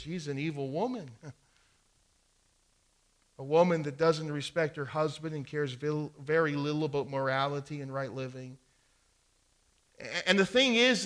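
A man's voice: fairly high pitch, moderate pace, a bit bright. A man preaching a sermon, reading scripture aloud and repeating phrases for emphasis, with his volume swelling and dropping. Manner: volume rising and falling for emphasis.

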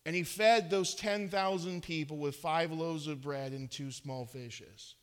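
A man preaching a sermon, often halting and repeating words with many fillers. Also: a little high, clean tone. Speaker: pastor.

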